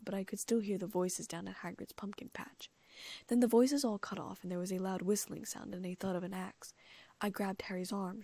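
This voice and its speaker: A woman reading first-person fan fiction aloud as an audiobook, in hushed, often half-whispered narration. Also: mid-range voice, gravelly, dry recording. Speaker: audiobook reader.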